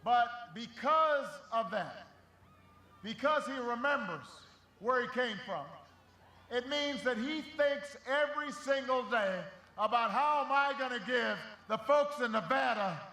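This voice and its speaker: A man's voice: extremely high pitch, animated, unhurried, pushed and bright, echoey room. A man giving a rousing campaign speech at a rally, raising his voice over the crowd. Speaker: political speaker at a rally. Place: large rally venue.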